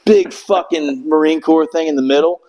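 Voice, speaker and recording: A man's voice: fairly high pitch, normal speed, background noise. A middle-aged man telling a rambling, profane story in casual chat, acting out quotes in raised voices. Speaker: Marine veteran guest.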